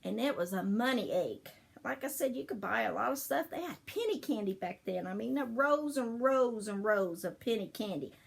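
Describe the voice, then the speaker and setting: Older woman, casual storytelling, fairly high voice, laughs often, rambling and chatty. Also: gravelly, breathy edge.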